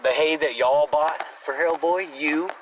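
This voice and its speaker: A man's voice: a little high, a little slow, far from the mic, highs cut off, noisy background. A man in a casual, agitated rant, talking bluntly and swearing often. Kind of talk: casual profane rant to camera.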